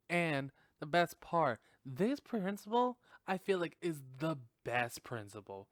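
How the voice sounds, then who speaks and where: A man hosting a podcast and giving a casual, rambling movie review, animated and full of swearing and fillers. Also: fairly high pitch, slow pace, no room sound, studio quality. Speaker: podcast host.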